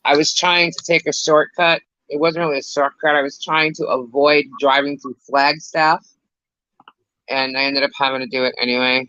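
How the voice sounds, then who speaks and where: A man's voice: on the high side, fairly even intonation, moderate pace, sharp tone, smooth, dry recording. Chatty New York man on a dull call. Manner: rambling, chatty, laughs often. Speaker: co-host of a live chat stream. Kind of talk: casual live chat. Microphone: video call mic. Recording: dull, lo-fi online call audio.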